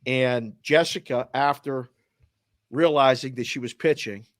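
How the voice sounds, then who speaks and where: A man's voice: medium pitch, a little slow, no room sound, studio quality. A middle-aged man with a Boston accent, a sports betting show host, animatedly telling a heartfelt family story with quoted voices. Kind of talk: casual storytelling.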